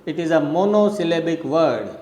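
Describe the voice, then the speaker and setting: A man's voice: fairly high pitch, expressive, a little mellow, echoey room, big-room sound, poor audio. A male college lecturer explaining poetry step by step, repeating points and checking in with "okay?". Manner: slow, repetitive explaining with frequent "okay?" checks. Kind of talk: recorded classroom lecture.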